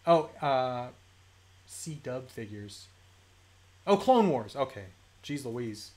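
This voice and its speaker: A man's voice: mid-range voice, drawn-out words. A man hosting a casual livestream, ranting with frustration and reading viewer comments aloud. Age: adult, works a day job. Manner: animated, ranting, reads chat comments aloud. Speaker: toy collecting livestream host.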